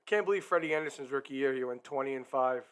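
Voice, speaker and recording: A man runs a hockey talk live stream, chatty and upbeat, addressing his viewers directly in casual conversation. His medium-pitched voice is clear and resonant, and he talks quickly.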